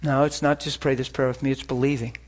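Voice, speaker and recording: A man preaching a sermon, animated and full of stories, moving between loud exclamations and quiet, hushed asides. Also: mid-range voice, fast.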